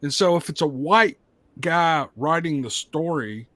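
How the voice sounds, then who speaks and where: A man's voice: on the high side, a little slow, a bit bright, dry recording. A man chatting bluntly as a podcast guest, laughing often. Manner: blunt, laughing, plain-spoken. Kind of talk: casual podcast chat.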